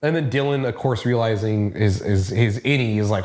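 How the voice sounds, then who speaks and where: A man co-hosting a casual show review, chatty and relaxed, with hedging asides and the odd swear. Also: lowish voice, normal speed. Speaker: podcast co-host.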